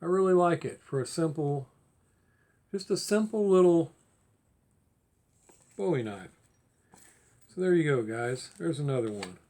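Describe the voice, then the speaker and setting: A man's voice: on the high side, animated, a little slow, pauses often, warm tone. A man talking casually to camera in a collector's vlog, rambling with restarts and getting heated as he goes. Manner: rambling, repeats and restarts, gets heated and fired up. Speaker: diecast collector vlogger.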